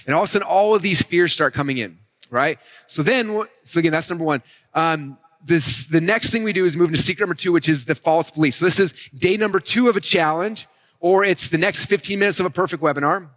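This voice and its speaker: Speaking fast with lots of energy, a marketing speaker gives what sounds like a live stage presentation with running commentary. His voice is a bit high and fairly bright, and he keeps dropping in "right?" and "okay?"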